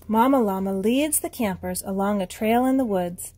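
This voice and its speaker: A preschool teacher reading a picture book aloud to young children from inside a small tent, in an animated storytelling manner. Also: female voice, mid-range voice, moderate pace, few pauses.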